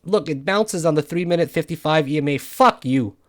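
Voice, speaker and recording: A man with a somewhat high voice talks through his trades live, worn out after a night with no sleep. He thinks out loud, gets frustrated and swears often. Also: fast talker. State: tired from no sleep. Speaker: crypto day trader. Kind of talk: live trading commentary over charts.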